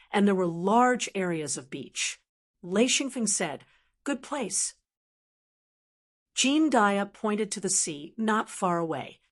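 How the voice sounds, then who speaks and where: A woman narrating an audiobook of a translated fantasy novel in an even, unhurried storytelling manner. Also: medium pitch. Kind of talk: scripted narration.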